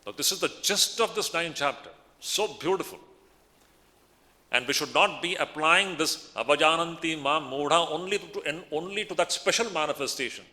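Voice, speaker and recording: Monk lecturing in a reverberant hall. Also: male voice, on the high side, normal speed, bright, forceful tone. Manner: emphatic, repeats phrases, chants Sanskrit verses. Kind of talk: spiritual discourse.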